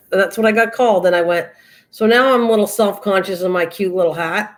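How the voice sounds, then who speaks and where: A woman's voice: mid-range voice, fairly quick. An older woman hosting a casual craft livestream, chatting in a rambling way and laughing often as she talks to viewers by name.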